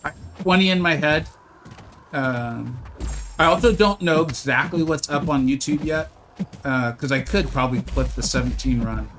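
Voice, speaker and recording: Against a noisy background, a man with a slightly high voice speaks at normal speed. He's playing a video game live, chatting casually, answering his viewers, and often restarting.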